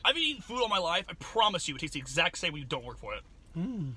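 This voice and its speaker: A man's voice: a little high, big pitch swings, fast, pushed and bright, slightly rough. Silly guy taste-testing snacks, voice bounces all over, sarcastic. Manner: goofy, sarcastic, jumps into silly bits. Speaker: vlogger. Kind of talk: snack taste-test vlog.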